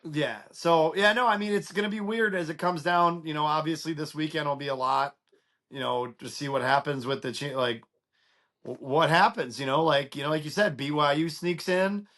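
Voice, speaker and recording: A man hosting a casual sports podcast, dropping quick wisecracks. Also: fairly high pitch, a bit bright. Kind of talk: casual chat.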